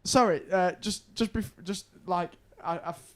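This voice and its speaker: With a high-pitched voice and a slightly slow delivery, a young podcast co-host spins out a lengthy story, meandering, cursing and laughing as the casual chat goes on.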